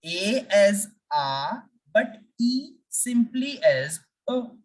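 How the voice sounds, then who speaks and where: A woman teaching the French alphabet, speaking deliberately and repeating each letter for learners. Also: mid-range voice, animated, distant mic, low-quality recording. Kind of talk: language lesson.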